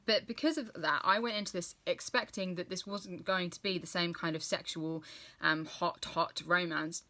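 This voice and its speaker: A woman's voice: lowish voice, bright, forceful tone. A young woman chatting casually and enthusiastically about books she has read, often correcting herself mid-sentence. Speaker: book vlogger. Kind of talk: casual book review chat.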